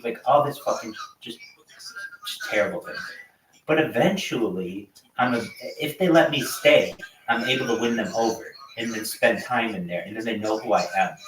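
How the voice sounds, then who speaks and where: A man's voice: mid-range voice, brisk, fairly bright tone, recorded from a distance. Profane man rambling off-mic in an echoey room. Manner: loose and profane, lots of fillers. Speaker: livestream host. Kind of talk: casual rambling chat. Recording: echoey room, from off-mic, faint background noise.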